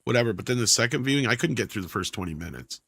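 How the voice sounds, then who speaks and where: A man on a pop-culture podcast panel, chatting casually in a blunt, profane, animated way. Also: medium pitch, very fast, creaky, a crowd in the background. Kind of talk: casual chat.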